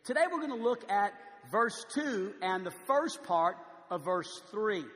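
Man preaching, high pitch, conversational with restarts, echoing hall. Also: expressive, measured pace, a bit bright. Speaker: pastor. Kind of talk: sermon. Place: large church with balcony.

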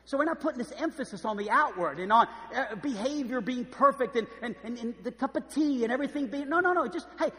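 A man preaching a sermon, telling lively stories and acting out the voices of the people in them. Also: extremely high pitch, fast, hardly any pauses, long reverb tail. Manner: animated storytelling, acts out voices. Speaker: pastor. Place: church.

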